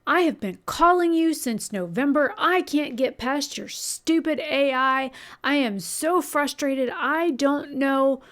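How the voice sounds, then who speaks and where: A woman's voice: a little high, clear, resonant tone. A woman voicing an irate 89-year-old man caller, ranting about automated phone systems. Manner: ranting, exasperated complaints.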